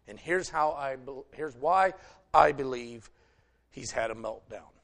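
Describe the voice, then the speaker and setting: A male preacher delivering a sermon, retelling a story and swinging between loud emphasis and hushed asides. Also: mid-range voice, lively intonation, a little slow.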